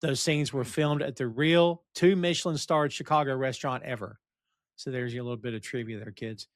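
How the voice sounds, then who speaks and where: Male podcast host, mid-range voice, relaxed recapper, dry sound. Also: mid-range voice, fairly quick, dry recording. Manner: relaxed recapping, plugs the channel. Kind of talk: casual chat and episode recap.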